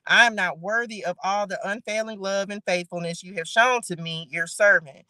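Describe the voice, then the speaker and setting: A woman leads a casual livestream Bible study in a bright, forceful voice. She reads scripture aloud and breaks off to chat playfully with her viewers, laughing as she goes. The sound is dry, with no room echo. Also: medium pitch, normal speed. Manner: chatty and playful, laughing, talking straight to viewers.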